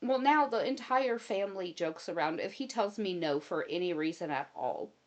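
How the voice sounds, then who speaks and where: A woman's voice: fairly low pitch, animated, moderate pace. A woman hosting casual commentary, giving opinions and telling long personal anecdotes. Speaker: commentary host.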